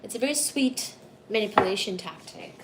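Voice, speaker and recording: A woman's voice: mid-range voice, expressive, fairly quick, very noisy. A woman cooing in affectionate baby talk to her cats at home, laughing often while doing the dishes in her kitchen. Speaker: cat owner and channel host. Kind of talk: casual chat and baby talk to pets.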